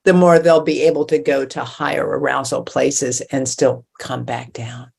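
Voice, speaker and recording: Deep-voiced gravelly woman dog trainer. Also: normal speed. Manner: relaxed, thoughtful, with fillers. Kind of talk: casual webinar chat.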